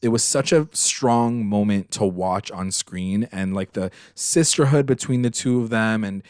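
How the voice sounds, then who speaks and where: A man's voice: lowish voice, measured pace, clear, resonant tone, no room sound, studio quality. A man co-hosting a podcast, retelling a TV episode in casual, emotional chat full of fillers. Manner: emotional, animated retelling, many fillers and swearing. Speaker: podcast co-host.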